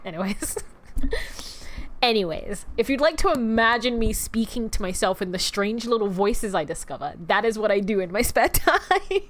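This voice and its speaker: In casual livestream chat, a young adult woman streamer talks at a moderate pace in a mid-range, sing-song voice. Her delivery wanders and interrupts itself, with easy laughter throughout.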